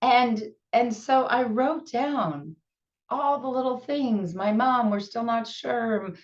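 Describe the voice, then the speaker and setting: Middle-aged female host, candid and self-mocking, slow delivery, dull recording. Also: fairly high pitch. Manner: warm, candid, laughs at herself. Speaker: show host and speaker. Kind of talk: reflective personal talk.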